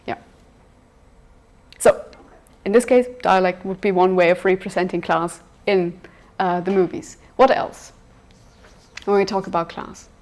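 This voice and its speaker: A woman's voice: fairly low pitch, steady tone, unhurried, pauses often, darkish tone. A woman teaching a university film seminar over a video call, talking conversationally with frequent fillers and self-corrections. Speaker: university lecturer. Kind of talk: seminar lecture with discussion.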